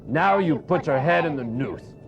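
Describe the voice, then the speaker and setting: Man voicing a stern, impatient puppet hangman, gravelly, muffled lo-fi. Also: fairly high pitch, animated, normal speed, a little hiss or hum. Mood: exasperated. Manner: stern, exasperated. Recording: dull lo-fi home recording.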